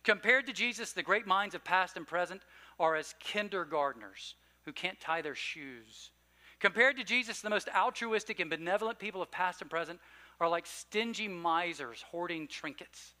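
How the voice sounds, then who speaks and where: Bright-voiced preaching man. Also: lively intonation. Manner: earnest preaching, punches key phrases then drops low and slow; conversational asides with fillers. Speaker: pastor. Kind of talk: sermon.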